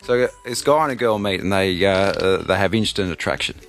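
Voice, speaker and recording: A man hosting morning radio, telling a joke in a chatty, halting way with many fillers. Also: low voice, soft background music. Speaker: radio show host.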